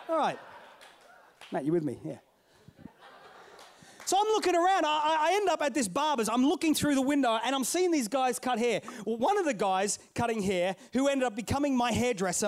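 A middle-aged male pastor telling a story in a sermon, playful and animated, calling out to his congregation. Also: extremely high pitch.

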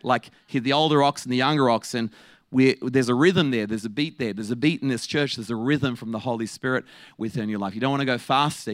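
A man preaching a sermon to his church, mixing jokes and quick asides with his message. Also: mid-range voice, dry recording. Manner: humorous, animated, quick asides with laughs.

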